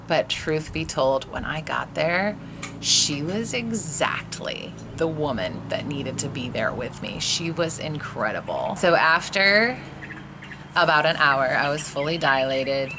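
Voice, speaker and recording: A woman's voice: sits low, background noise. A woman in her thirties candidly telling the emotional story of a birth, casual and full of fillers. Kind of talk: personal storytelling.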